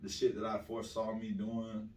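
A man's voice: fairly low pitch, completely flat delivery, moderate pace. A young man from South Florida, a guest telling stories in a slangy, swaggering casual interview. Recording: roomy, distant mic with faint ambience.

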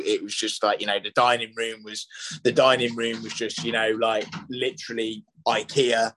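A man's voice: mid-range voice, flat delivery, normal speed, a bit bright, dry recording, poor audio. A middle-aged man, a chef guesting on a podcast, telling his story casually with many restarts and fillers. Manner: rambling, with many restarts and "you know" fillers.

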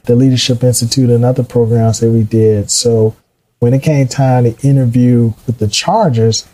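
A middle-aged man telling his career story in a casual, animated way, acting out the voices of people he quotes. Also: medium pitch, normal speed, low-quality recording. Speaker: guest.

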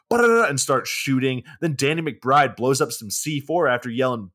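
A man's voice: medium pitch, fairly quick, a bit bright. A man in his twenties co-hosting a podcast, casually recapping a film's plot with plenty of swearing and filler words. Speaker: podcast co-host.

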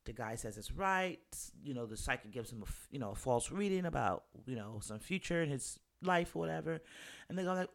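A man's voice: fairly high pitch, fairly quick, vocal fry. Chatty man retelling a story with voices. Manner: animated storytelling, acts out quotes in raised voices; frequent fillers like um and you know. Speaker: commentator recapping a reality show. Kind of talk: casual chat.

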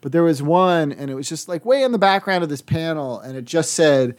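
A man co-hosts a podcast in loose casual chat, his voice pitched high and swinging widely. He rambles through stories with frequent restarts and plenty of swearing. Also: lively intonation, a little fast, few pauses. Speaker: podcast co-host. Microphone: headphones.

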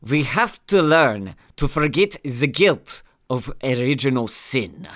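A woman's voice: rumbling low, animated, takes it slowly, heavily acted. A woman putting on a pompous German psychologist. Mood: declaiming. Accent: German, put on badly, drifting Scottish.

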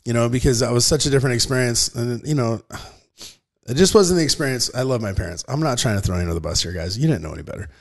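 A man's voice: medium pitch, expressive, racing. A man in his thirties, a father co-hosting a podcast, talking earnestly and rambling with frequent restarts. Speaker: podcast co-host. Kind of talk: casual podcast chat.

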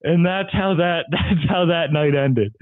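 A man's voice: a little high, unhurried, no echo. A man who is a comedian guest, telling wild stories in casual chat and laughing often. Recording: tinny phone-like line, dry.

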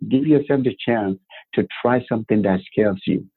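Man, husky voice, tinny narrow sound, animated storyteller. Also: lowish voice, moderate pace. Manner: animated, rhetorical questions, acts out quotes. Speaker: guest. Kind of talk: personal storytelling. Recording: phone-like narrow band.

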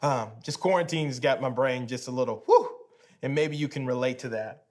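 A pastor in his thirties tells a family story during his sermon, shifting between hushed, soft moments and animated ones. His voice is mid-range and he speaks at a normal speed.

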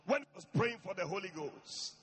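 In a church, a man preaches an impassioned sermon, alternating shouts with hushed speech and repeating phrases for emphasis. His high voice is animated, fairly quick and slightly rough, and the recording carries a big-room sound.

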